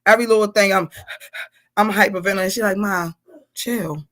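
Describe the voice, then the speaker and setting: A woman in her forties hosting a casual live-streamed chat, telling stories in an animated, chatty way. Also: mid-range voice, very fast. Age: 40s.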